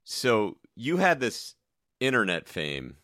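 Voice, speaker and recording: A man's voice: on the low side, huge pitch swings, slow pace, pushed and bright, no room sound, clean studio sound. A man co-hosting a podcast, asking a guest long, curious, rambling questions in casual chat. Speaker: podcast co-host.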